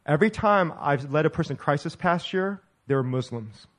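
A middle-aged male pastor telling a story in a sermon, animated and laughing as he acts out the dialogue. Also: on the high side, fairly quick.

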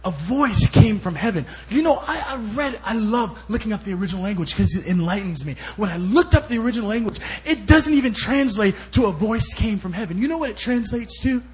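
Guest preacher, man, high-pitched, storytelling sermon with loud and soft swings. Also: lively intonation, fast, few pauses. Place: church service.

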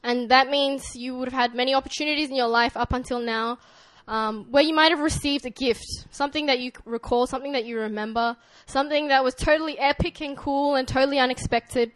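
A young woman from Australia, speaking with an Australian accent, gives a sermon as guest pastor, warm and quick to laugh, with frequent ums and uhs. Her high, fairly bright voice is steady and brisk with hardly any pauses, and there is no room sound.

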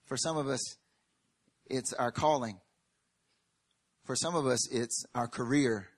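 A pastor preaching a sermon in an animated storytelling way, dropping to hushed lines and rising to loud ones. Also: male voice, mid-range voice, measured pace. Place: church service.

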